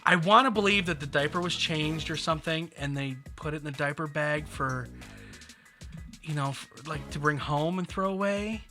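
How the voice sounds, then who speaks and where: A man's voice: on the high side, moderate pace, faint music behind. A man co-hosting a podcast, chatting casually and telling stories with jokes. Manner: joking, animated storyteller. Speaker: podcast co-host.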